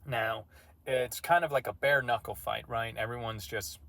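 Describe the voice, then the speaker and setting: Gravelly-voiced man recapping a game. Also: medium pitch, fairly even intonation, normal speed, sharp tone, no room sound. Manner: rambling, self-deprecating, chuckling asides. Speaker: game master recapping a campaign. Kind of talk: casual recap of a tabletop game.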